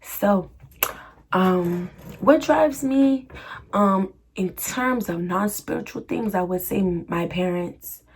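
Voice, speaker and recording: A woman's voice: mid-range voice, takes it slowly, breathy edge. A young woman vlogger answering viewer questions in a chatty, slangy, laughing style. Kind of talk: casual Q&A chat.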